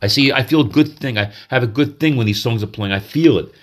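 A man's voice: medium pitch, fairly quick. A man hosting a podcast, talking in a rambling, confessional monologue full of restarts, in a manic state. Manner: rambling, confessional, self-interrupting. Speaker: podcast host.

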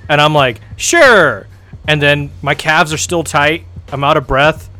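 A man's voice: on the high side, level tone, normal speed, sharp tone, faint music behind. A man in his thirties joking crudely in a casual podcast chat. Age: 30s. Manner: joking, puts on voices of others. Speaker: podcast co-host.

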